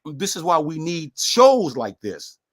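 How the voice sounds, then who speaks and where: A man's voice: a little high, sing-song, takes it slowly. A man co-hosting a talk show, speaking in an emphatic, preachy way and repeating his points. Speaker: co-host.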